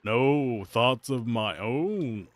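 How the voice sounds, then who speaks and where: A man's voice: mid-range voice, expressive, extremely slow, no room sound. A man doing a stiff, dutiful knight. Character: stiff, dutiful male knight, loyal and anxious. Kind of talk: live reading of game dialogue.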